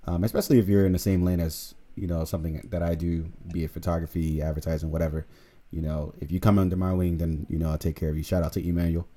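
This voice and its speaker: A man with a lisp hosting a casual podcast discussion, easygoing and leading the talk with pauses and fillers. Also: sits low, little pitch movement, dark tone. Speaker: podcast host.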